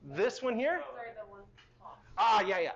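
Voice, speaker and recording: A man's voice: high voice, sing-song, takes it slowly, highs cut off. A middle-aged man teaching a university chemistry lecture in a hall, conversational and asking the class questions as he goes.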